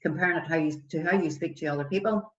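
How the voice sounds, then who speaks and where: In a distant, dull lo-fi recording, a woman wellbeing coach talks fast in a low-sitting voice. She guides listeners through a self-compassion exercise as a self-help session, with many questions and acted-out example voices.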